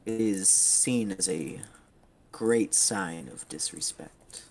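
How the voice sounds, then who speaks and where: A man's voice: low voice, takes it slowly, full character voice. A man voicing a sly queen of hell. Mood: commanding. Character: female ruler of hell, sly and commanding.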